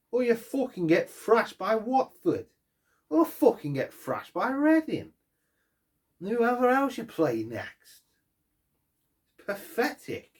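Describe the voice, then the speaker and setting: Furious swearing football fan. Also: male voice, sits high. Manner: angry, heavy swearing, emphatic. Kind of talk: post-match fan rant.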